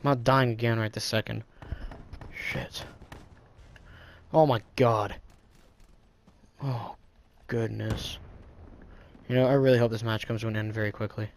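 A man giving live gameplay commentary, frustrated and swearing, with sudden excitable outbursts. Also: fairly low pitch, a little slow, long pauses, slight background noise. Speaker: gaming video creator.

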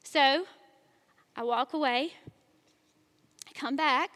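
A woman's voice: sits high, slow pace, a bit bright. A woman preacher giving a sermon in a church, telling stories in a chatty way, speaking straight to the congregation and laughing at herself. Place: church sanctuary. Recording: long reverb of a large church hall.

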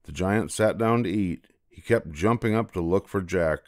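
An older man reading a children's fairy tale aloud in a slow, gentle storytelling manner. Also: deep voice, dry recording, clean studio sound.

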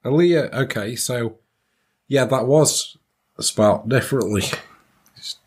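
A man with a Yorkshire accent and a husky voice co-hosting a podcast, butting in with jokes and silly voices and swearing freely. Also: medium pitch, takes it slowly. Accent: Yorkshire English. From Yorkshire, England. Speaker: podcast co-host. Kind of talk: casual podcast banter.

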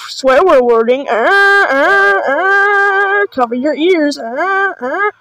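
A woman with a high, bright-sounding voice reacts to videos in a loose, chatty way, swinging between sarcasm and exaggerated fake panic. Her voice is recorded close and dry, with no room sound. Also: expressive, takes it slowly, no room sound, poor audio. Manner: mock-panicked, sarcastic, repeats "oh no, guys". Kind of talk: casual reaction commentary.

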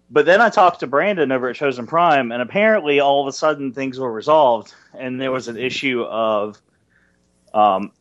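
A man chats on a podcast in a mid-pitched voice, rambling and profane, often restarting his sentences. The recording sounds dull and lo-fi. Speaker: podcast co-host. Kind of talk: casual podcast chat. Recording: dull lo-fi audio.

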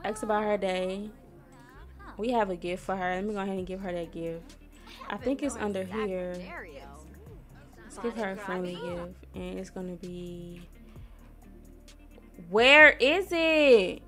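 A young woman from Missouri, chatting casually to viewers while she plays a life-sim game, squealing when something excites her. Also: mid-range voice, normal speed, long pauses. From Missouri, USA. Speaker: gaming streamer. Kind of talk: casual gameplay commentary. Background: soft R&B background music.

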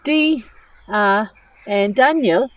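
A woman with an Irish accent chiming in quietly with short remarks while they look at headstones. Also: mid-range voice, animated, very slow, lo-fi sound. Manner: quiet, brief interjections. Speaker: co-host. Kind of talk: casual chat.

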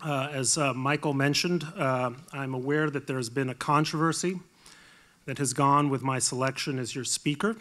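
A man giving a keynote lecture at a dinner, telling an anecdote with many halting fillers. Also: mid-range voice, fairly bright tone. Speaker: keynote speaker. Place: large dinner hall.

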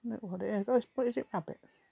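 A woman's voice: fairly high pitch, quick pace, vocal fry, mellow, slightly rough, no room sound. A middle-aged woman with an English accent chats casually while crafting at her table, rambling, thinking aloud and often laughing. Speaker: craft vlogger. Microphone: camera on the table.

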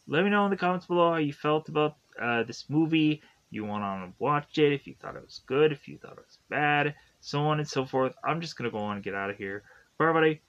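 A man's voice: a little high, lively intonation, brisk, few pauses, fairly bright tone, dull audio. A man giving a casual spoken film review, tired and yawning, rambling in a loose and repetitive way. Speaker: movie reviewer.

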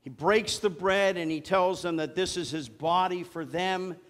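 A man preaching as pastor, earnest, slowing down to lead the congregation in repeating simple phrases. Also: high voice. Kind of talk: sermon.

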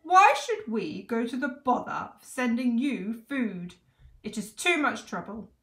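A woman voicing a greedy fat male king who shouts and blusters, in a storybook reading. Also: on the high side, huge pitch swings, moderate pace. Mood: blustering. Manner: shouting, bellowing. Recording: echoey room.

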